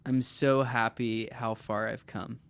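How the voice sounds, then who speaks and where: A man speaking as a podcast guest, thoughtful and a little hesitant, pausing over his words with "like" and "um". His voice is smooth and resonant. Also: medium pitch, level tone, a bit bright. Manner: reflective, hesitant, many "like" and "um" fillers. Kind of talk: casual podcast conversation.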